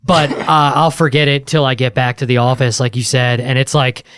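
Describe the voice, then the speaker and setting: Male guest, mid-pitched, easygoing griper with salty humor. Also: little pitch movement, moderate pace, fairly bright tone, clean tone, dry recording, studio quality. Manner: laid-back, swearing, mocking customers in put-on quotes. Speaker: guest, mail carrier and comedian. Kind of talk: casual chat.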